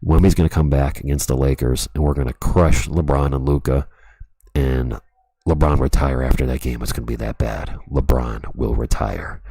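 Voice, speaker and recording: A late-night radio DJ, with a voice that drops extremely low and rumbles with gravelly fry. The tone is dark, husky and laid-back, and every line comes out slow and soothing like an on-air announcement, close and dry on a desk mic. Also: male voice, fairly even intonation, dry recording, heavily acted. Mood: reassuring. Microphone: USB desktop microphone.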